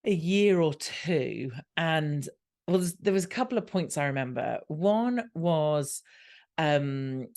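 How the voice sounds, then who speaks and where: A woman's voice: low-pitched, takes it slowly. A British woman, a podcast guest, telling a story in casual chat and acting out the dialogue as she goes. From Britain. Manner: animated, acts out quoted dialogue.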